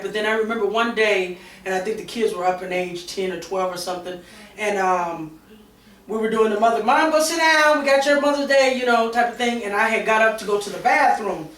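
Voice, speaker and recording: A woman's voice: mid-range voice, a bit bright. A middle-aged woman on a talk show panel, candidly telling a personal story with many fillers and restarts. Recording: roomy sound from a distance.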